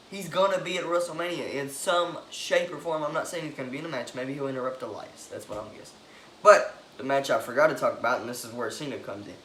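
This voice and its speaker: A man giving an excitable, opinionated monologue, swearing and breaking into loud outbursts. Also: medium pitch, slight background noise. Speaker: wrestling commentator giving predictions. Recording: echoey room with faint ambience.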